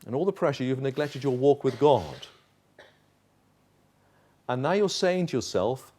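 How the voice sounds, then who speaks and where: A pastor preaching a sermon, putting direct questions to the congregation and building to urgent, impassioned pleading. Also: male voice, mid-range voice, lively intonation, moderate pace, warm tone. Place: chapel.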